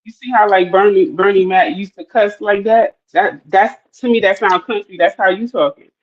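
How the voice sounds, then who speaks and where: A man's voice: high voice, moderate pace. A man with a New York accent, a laid-back, teasing guest in a casual livestream chat. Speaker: call-in guest. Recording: dull lo-fi call audio.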